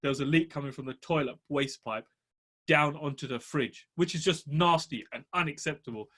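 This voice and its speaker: A man, a property podcast co-host telling a story in an animated, laughing way. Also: a little high, moderate pace, breathy edge. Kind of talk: casual storytelling.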